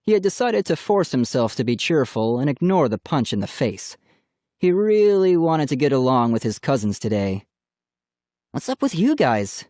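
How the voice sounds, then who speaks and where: A man narrating a children's audiobook in a plain, steady storytelling voice. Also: medium pitch, normal speed, no echo, clean studio sound.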